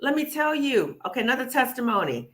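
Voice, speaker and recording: A woman's voice: high-pitched, very animated, fairly quick, a bit bright. A woman hosting a live panel discussion, encouraging and emphatic, often saying "okay?" and "sis". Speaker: host.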